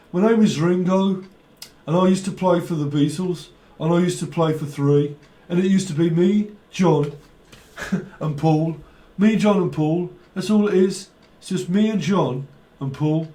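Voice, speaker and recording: A man's voice: a little high, a little slow, warm tone, roomy sound, far from the mic, close to an everyday voice. A man putting on the voice of a chatty older male rock drummer reminiscing about his old band, in a chummy, repetitive way. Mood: boastful.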